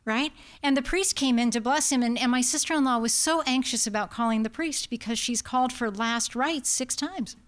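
A woman's voice: fairly high pitch, normal speed, hardly any pauses. A woman palliative care doctor with an American accent, giving an informal talk and telling stories that act out what families say. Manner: lively, anecdotal, acts out quotes.

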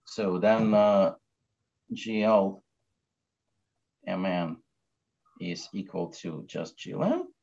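A man giving an academic mathematics lecture, talking haltingly with many fillers and restarts. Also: deep voice, steady tone, creaky, a little mellow. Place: lecture hall. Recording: dull lo-fi lecture recording.

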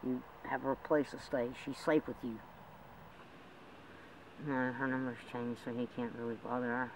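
A man's voice: medium pitch, flat delivery, moderate pace. A man talking in a rambling, emotional way in a homemade drama, with frequent laughs. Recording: distant mic with loud background noise.

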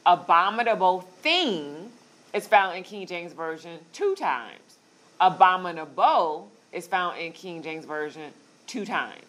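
A woman teaching a Bible study class, walking listeners through on-screen steps in a relaxed, conversational way with filler words. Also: on the low side.

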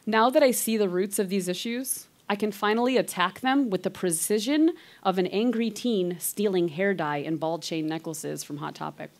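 A woman's voice: medium pitch, normal speed, few pauses. Woman, thirties, live storytelling, reads old diary entries, candid, wry self-mockery. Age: 30s. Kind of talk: live storytelling performance, reading from old journals.

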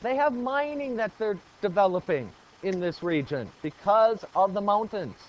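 Lively high-voiced male teacher. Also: moderate pace. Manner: asks the class questions and praises answers; lively, repeats key points. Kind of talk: classroom geography lesson. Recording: dull lo-fi classroom recording.

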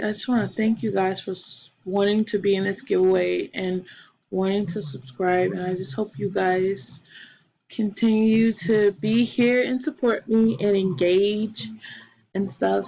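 A young woman chatting excitedly to her viewers while playing a life-sim game, full of ums and gasps. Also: mid-range voice, gravelly, highs cut off, a little hiss or hum. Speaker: gaming channel host. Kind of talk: casual gameplay commentary. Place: bedroom at home, TV in another room.

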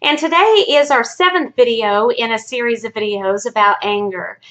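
A woman's voice: fairly high pitch, normal speed, a bit bright. A woman therapist speaks to viewers in an educational video, telling a story from her practice and closing with friendly sign-offs. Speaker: family therapist. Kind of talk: educational talk to camera.

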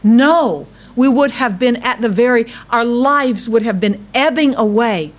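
A woman pastor preaching a sermon, reading scripture aloud and speaking straight to her congregation, slowing and dropping low on key words and rising for emphasis. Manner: dramatic pauses, slows and drops low on key words, rises for emphasis; reads scripture aloud, addresses congregation directly.

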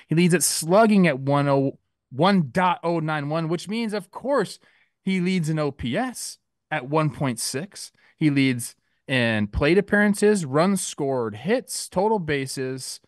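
A man's voice: a little high, dry recording, clean studio sound. A man co-hosting a sports podcast, rambling through stories and stats in a loose, chatty way. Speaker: podcast co-host and youth baseball coach. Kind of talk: casual sports podcast chat.

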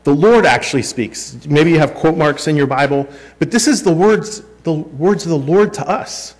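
A man's voice: fairly high pitch, moderate pace. A man in his thirties preaching a sermon, mixing scripture with a self-deprecating family story. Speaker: pastor.

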